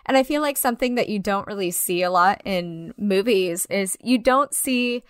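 Smooth-voiced young woman, casual and candid. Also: mid-range voice, moderate pace, no echo, studio quality. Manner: candid, swears casually, frequent "like" fillers. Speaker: podcast co-host. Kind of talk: casual chat.

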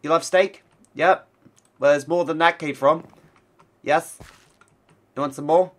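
A man's voice: a little high, fairly even intonation, unhurried, a little hiss or hum. A man with a cold, sounding a bit congested, chatting casually to himself and his viewers as he plays a block-building game. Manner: chatty, talks to himself and the animals. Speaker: gaming channel host. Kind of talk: casual Minecraft let's-play commentary.

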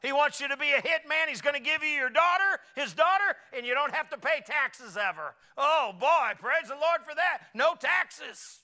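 A man's voice: very high voice, lively intonation, moderate pace, few pauses. Folksy pastor man, fiery sermon. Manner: folksy, preachy, swings between quiet asides and loud exclamations.

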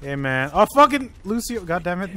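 Guy hosting, hyped and sweary, a bit high voice. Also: brisk. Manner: excitable, swears, shouts during play. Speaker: gaming channel host. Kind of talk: casual gaming chat.

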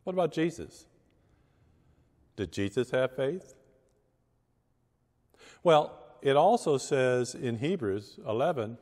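A man, a pastor, reading scripture and preaching a sermon with measured, emphatic delivery and deliberate pauses. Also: medium pitch, lively intonation, a little mellow. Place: church sanctuary. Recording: long church reverb.

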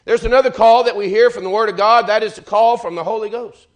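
A man preaching a fervent sermon in church, building rhythmic refrains and swinging between loud and hushed. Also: high voice, steady tone, fast. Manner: fervent, rising and falling in volume, repeated refrains.

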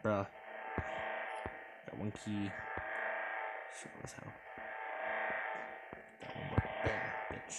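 Over loud music, a gamer commentates on a horror game, swearing often and bursting out in jumpy, excitable reactions. His voice is lowish and very slow, with long pauses.

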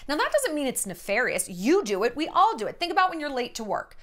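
A woman's voice: high voice, quick pace. A woman in her thirties talking to camera in a casual, sarcastic vlog, acting out quotes as she tells stories. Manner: chatty, sarcastic, animated quoting of others. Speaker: vlogger. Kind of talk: casual storytelling monologue.

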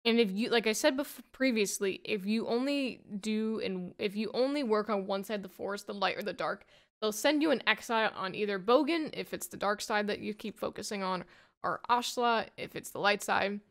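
A woman's voice: medium pitch, normal speed, a bit bright. A woman giving a casual, rambling plot summary of a comic, full of "like" and "you know". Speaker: comic book reviewer.

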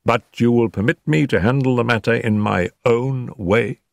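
An older man reading an audiobook, voicing a confident detective who speaks in a crisp, precise manner. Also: medium pitch, normal speed, dry recording, clean studio sound, voice pushed up, close to an everyday voice. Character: man playing a brisk, confident male detective.

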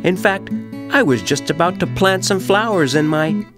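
A man voicing a gentle, kindly big male bear who explains things patiently in a storybook reading. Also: high-pitched, animated, loud music behind the voice, voice pushed up. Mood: reassuring. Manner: patient, reassuring, explains slowly.

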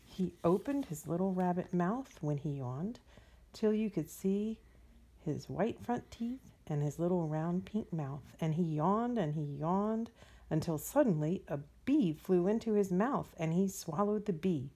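A woman reading a bedtime storybook aloud, soft and drawn-out. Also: lowish voice, expressive, husky. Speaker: storybook reader.

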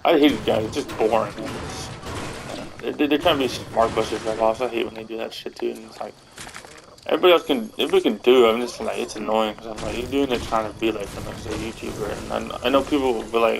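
Gravelly man, profane rant, middle pitch, faint room hum. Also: steady tone, fast talker. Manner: crude, dismissive, chuckling. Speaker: gaming and wrestling vlogger.

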